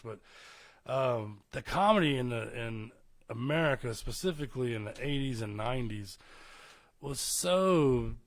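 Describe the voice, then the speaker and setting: A man's voice: mid-range voice, vocal fry. A man from East Texas, hosting a podcast in casual, rambling interview chat. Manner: rambling, chuckles often. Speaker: podcast host.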